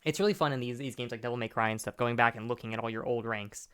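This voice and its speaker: Speaking fast in a clear, resonant, fairly bright medium-pitched voice with fairly even intonation, a young gaming host comments on gameplay. He's tipsy and burping, rambling with lots of fillers and restarts through a badly clipping microphone.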